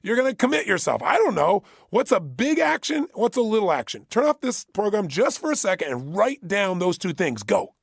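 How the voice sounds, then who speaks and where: A man's voice: high voice, very animated, moderate pace, gravelly, few pauses, breathy edge, no echo, studio quality. A man giving a motivational workshop talk, emphatic and punchy, hammering home key phrases by repeating them. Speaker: motivational speaker.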